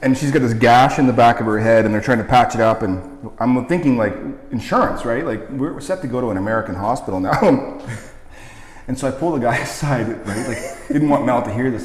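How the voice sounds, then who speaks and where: A man's voice: mid-range voice, fairly quick, a little hiss or hum. A man, a guest casually telling a rambling, laughing story while eating hot wings. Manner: laughing, swearing, rambling anecdote. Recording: echoey room with long reverb.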